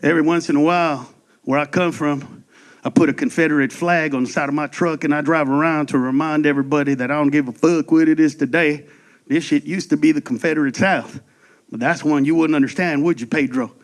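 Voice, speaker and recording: A coarse Southern redneck played by a man on stage talks low and quiet, blunt and crude. The voice sits well below the comic's own bright register. He sounds defiant. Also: steady tone, brisk, lightly acted.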